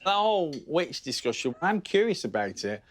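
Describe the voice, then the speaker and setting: A man's voice: fairly high pitch, big pitch swings, normal speed. A man, a dinner-party contestant, speaking in a plain-spoken, practical way.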